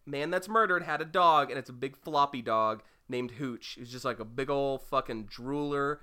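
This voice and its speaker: A man's voice: medium pitch, normal speed, bright, forceful tone. A young man co-hosting a podcast, chatting casually with rambling enthusiasm and casual swearing. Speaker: podcast co-host. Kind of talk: casual chat.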